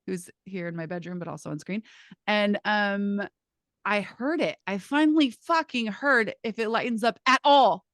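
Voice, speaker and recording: A woman leads a live class in a loose, chatty way, her sentences tumbling and restarting. Her pitch is mid-range, and the sound is dry and close with no room around it. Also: no echo. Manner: casual, swears, laughs, lively restarts. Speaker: class facilitator.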